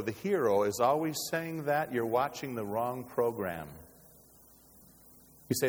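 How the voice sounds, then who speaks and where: Pastor preaching in a reverberant hall. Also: male voice, very animated, unhurried, breathy edge. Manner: dynamic preaching, swinging from loud exclamations to hushed low tones. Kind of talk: sermon. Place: church sanctuary.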